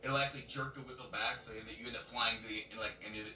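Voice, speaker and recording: A man co-hosting a podcast, telling a story in casual chat, animated and laughing as he acts out other people's lines. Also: mid-range voice, fast. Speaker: podcast co-host. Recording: roomy webcam mic from a distance, faint noise.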